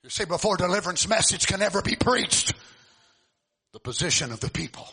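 A man preaching a sermon. He shouts fervent exclamations and moves into folksy storytelling. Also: high voice, lively intonation, fairly quick, breathy edge.

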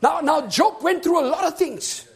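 A male preacher delivering a fervent sermon, often shouting and calling on the congregation for amens. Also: extremely high pitch, lively intonation, moderate pace.

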